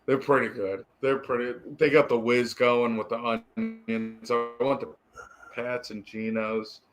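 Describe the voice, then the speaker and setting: A man's voice: mid-range voice, steady tone, measured pace, music in the background. A young man in his twenties from the Boston area, with a Boston accent, chatting as a podcast guest in an easygoing, hesitant way. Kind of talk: casual podcast chat.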